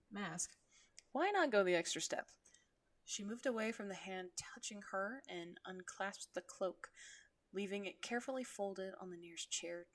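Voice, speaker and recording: A woman reading fan fiction aloud on a stream, unhurried, breaking off to laugh at herself. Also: mid-range voice.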